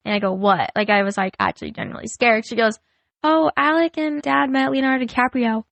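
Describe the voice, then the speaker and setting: Animated young woman, higher voice. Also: fairly quick, gravelly, dry recording. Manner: animated, uses "like" a lot. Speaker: podcast guest, daughter. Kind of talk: casual family chat.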